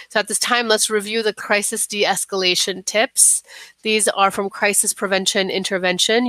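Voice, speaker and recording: A woman delivers a recorded staff training lecture in a calm, instructive way, often pausing to ask "right?". Her pitch sits in an ordinary middle range, and the sound is dry and close with no room echo.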